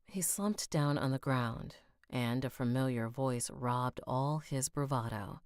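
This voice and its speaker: A woman's voice: extremely low pitch, slow, few pauses, darkish tone, no echo, clean studio sound. A woman narrating a fantasy audiobook, stopping to fix slips and rereading lines.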